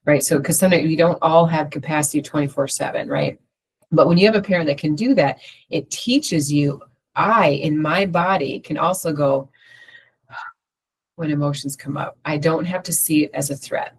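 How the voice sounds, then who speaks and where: A woman's voice: low-pitched, moderate pace, a little hiss or hum. A middle-aged woman teaching an emotional health group in a conversational way, using everyday analogies and acting out small examples. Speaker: group facilitator.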